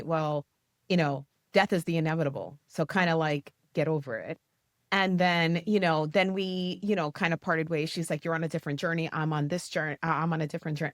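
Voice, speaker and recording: Chatty woman, lowish and dry. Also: dry recording. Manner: animated storytelling, many "you know" and "like" fillers. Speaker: podcast co-host. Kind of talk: casual conversational interview.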